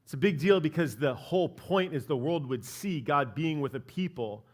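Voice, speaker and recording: A man's voice: on the high side, normal speed. Conversational man preaching a sermon. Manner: conversational, animated preaching with frequent "right?" and "like". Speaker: pastor. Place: church sanctuary.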